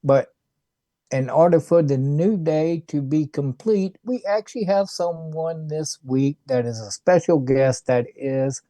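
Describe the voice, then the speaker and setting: A man co-hosting a casual wrestling talk show, speaking in slow, measured host patter. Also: a little high, warm tone, dry recording. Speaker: podcast co-host.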